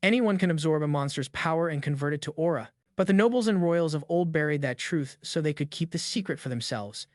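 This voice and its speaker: A man's voice: fairly high pitch, lively intonation, brisk, few pauses, dry recording, lightly acted. A man voicing a talking sacred sword who trains a young hero, blunt and matter-of-fact, in a dry recap voice-over. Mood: stern. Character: sacred talking male sword, bossy mentor.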